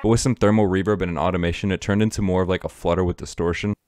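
A man's voice: deep voice, steady tone, rapid-fire, a little mellow. A man explaining his music production steps in a casual tutorial voice-over. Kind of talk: screen-recorded production tutorial.

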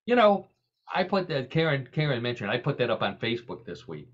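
Brisk and sing-song, a man with a medium-pitched voice hosts a casual comedy-style podcast full of jokes and laughter. It's a muffled recording.

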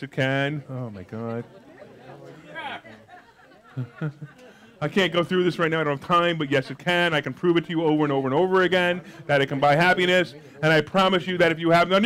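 A man giving a live motivational money seminar, brash and jokey, with loud outbursts and quiet asides. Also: high-pitched, clear, resonant tone. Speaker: seminar speaker.

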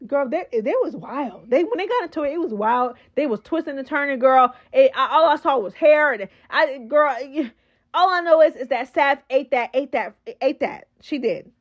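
High-voiced chatty woman recapping reality TV. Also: highs cut off. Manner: chatty, slangy, animated, addresses viewers as girl. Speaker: reality show recap host. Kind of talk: casual recap commentary.

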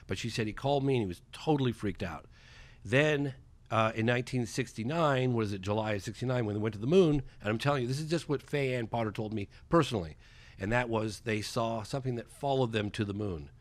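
Fast-talking man telling a story. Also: medium pitch, no room sound. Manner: lively, acts out quoted dialogue, fast and excitable. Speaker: documentary filmmaker, podcast guest. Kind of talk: animated storytelling in a podcast interview. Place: podcast studio.

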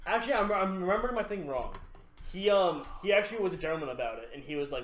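Young dude cohost, kinda high voice, excitable swearing, echoey room w/ faint hiss. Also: male voice, fast. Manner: excitable, profane storytelling. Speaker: podcast co-host. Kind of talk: casual chat.

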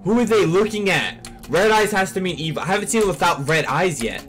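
A young man hosting a casual reaction vlog on a desk mic, rambling excitedly and repeating himself. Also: high voice, fairly quick, faint music behind. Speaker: channel host reacting to a trailer.

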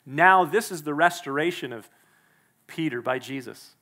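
Guy preaching a sermon, kinda high voice, gets emphatic and acts out the quotes. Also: normal speed, bright, forceful tone. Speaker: pastor. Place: church.

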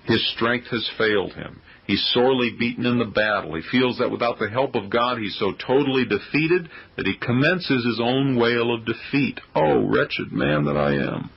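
A man reading an old-fashioned sermon in a solemn, declamatory preaching manner, with a gravelly voice. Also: medium pitch, normal speed, few pauses. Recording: dull lo-fi audio.

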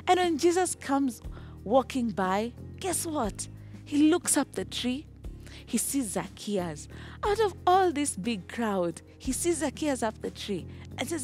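A woman tells a Bible story to children in a high, bright voice that swoops up and down with animation. She sings short songs and keeps checking in with the kids. Faint music plays behind her. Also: a little slow. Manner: animated storytelling, singing, frequent "okay?" checks. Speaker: Sunday school teacher.

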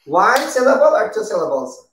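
A woman's voice: medium pitch, big pitch swings, heavy background noise. Patient, encouraging woman preschool teacher. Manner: slow, patient and encouraging, repeating words and praising. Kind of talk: online preschool circle-time lesson. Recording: roomy echo.

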